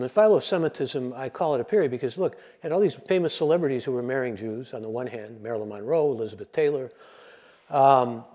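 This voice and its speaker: An older man giving a lecture, telling jokes and acting out the voices in them. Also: fairly high pitch. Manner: animated storyteller, acts out joke voices. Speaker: lecturer and radio host.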